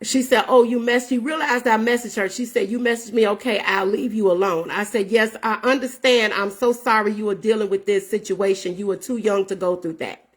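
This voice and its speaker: Her mid-range voice is steady in tone and a little fast. She's in her fifties and hosts her own show, earnestly and casually telling a story to viewers she calls "y'all" while reading messages aloud.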